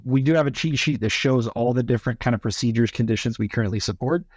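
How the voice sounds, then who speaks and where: A man on a casual podcast explains how a product works in upbeat, plain words. His voice has a middling pitch, and the recording is close and dry. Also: fast talker, breathy edge, dry recording. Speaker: company guest.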